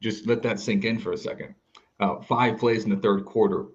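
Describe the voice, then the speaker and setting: A man hosting a sports podcast, recapping a game in an animated, fast-talking way with frequent restarts. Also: lowish voice, highs cut off. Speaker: podcast host.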